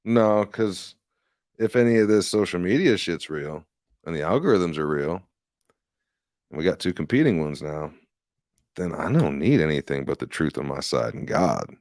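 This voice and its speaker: A man with a lowish voice that swings up and down a lot as he rants through a casual livestream. He talks in a rambling, sarcastic way and swears freely. The sound is dry and close, with no room echo. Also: animated, moderate pace, pauses often, a little mellow. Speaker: livestream host and candidate.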